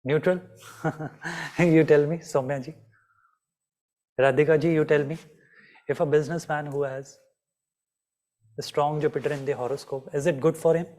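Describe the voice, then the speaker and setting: A man's voice: on the high side, fairly even intonation, normal speed, long pauses, a little mellow. A man teaching an online astrology class, often asking students by name and repeating his questions.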